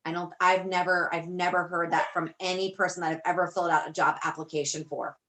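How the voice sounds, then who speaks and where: A woman's voice: on the low side, flat delivery, brisk, fairly bright tone. An effusive woman coach speaking to her team on a motivational call. She gushes, circles back and repeats her points in a chatty way. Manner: effusive, gushing, repeats herself. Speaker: business coach.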